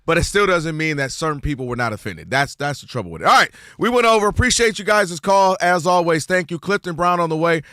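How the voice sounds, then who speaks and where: Male radio host, high bright voice, emphatic talk. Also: expressive, fast talker, hardly any pauses, dry recording, clean studio sound, soft background music. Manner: emphatic, thinks aloud with restarts.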